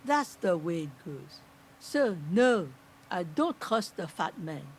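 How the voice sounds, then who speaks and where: Casting: a stubborn old landlady in a game, scolding and lively in tone. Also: fairly low pitch, slow, slight background noise, exaggerated voice. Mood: bitter. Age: older. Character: stern old grandmother landlady, distrustful.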